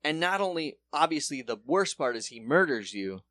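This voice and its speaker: A young adult man telling a story in casual podcast chat, acting out the people in it with sudden high voices. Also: moderate pace, no room sound. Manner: animated, acts out quoted people in a high voice. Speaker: podcast co-host.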